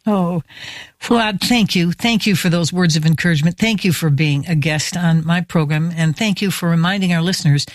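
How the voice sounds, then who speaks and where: A woman's voice: lowish voice, normal speed, no room sound. Effusive woman radio host, dry studio. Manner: warm, effusive, emphatic appeals.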